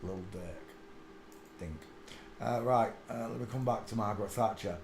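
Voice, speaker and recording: A man's voice: on the low side, unhurried, creaky. A man talking casually to himself as he searches for pictures on screen, muttering and then bursting out laughing. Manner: rambling, mutters to himself, sudden loud laughing outbursts. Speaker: channel host. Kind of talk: casual commentary while searching images on screen. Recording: echoey room with faint ambient noise.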